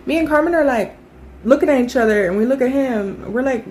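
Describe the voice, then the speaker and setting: A woman in her thirties tells a casual storytime in an animated, chatty way. Her voice sits a bit high and swings widely up and down as she acts out what others said. A faint noise hangs behind her. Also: brisk. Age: 30s.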